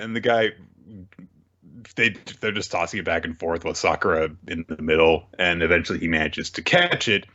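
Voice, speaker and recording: A man with a low, bright, forceful voice, chatting casually as a podcast host and acting out characters' lines as he recaps. The audio is dull and lo-fi. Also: normal speed. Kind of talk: casual chat, recapping manga.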